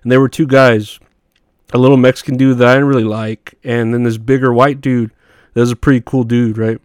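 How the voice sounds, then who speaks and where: A man's voice: medium pitch, flat delivery, a little fast, a little mellow, clear, resonant tone, no room sound, studio quality. Profane, rambling man telling stories. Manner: rambling, profane, laughs at his own stories. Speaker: podcast host. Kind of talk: casual storytelling monologue.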